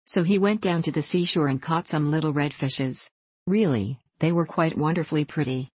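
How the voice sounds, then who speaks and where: A woman narrating a fairy tale in a measured, steady audiobook reading. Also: low voice, husky, dry recording.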